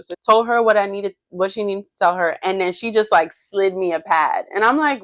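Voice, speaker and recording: A woman's voice: medium pitch, brisk, hardly any pauses, dry recording. A young woman hosting a podcast, telling stories animatedly and acting out what people said. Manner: animated storyteller, acting out quotes. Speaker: podcast host. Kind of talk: casual chat.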